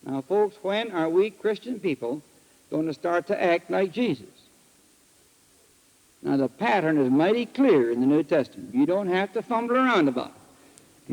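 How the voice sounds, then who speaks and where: A man preaching at a retreat, telling folksy stories with animated swings between loud exclamations and quiet asides. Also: a little high, measured pace, long pauses. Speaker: retreat speaker. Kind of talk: folksy sermon with storytelling. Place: retreat hall. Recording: archival 1968 recording in a hall with long reverb.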